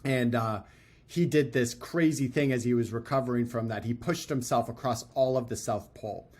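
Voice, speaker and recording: Male podcast guest, casual anecdote-teller, animated, filler-heavy, mid-pitched. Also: moderate pace. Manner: animated, acts out quoted voices; loose, with fillers and restarts. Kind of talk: casual storytelling.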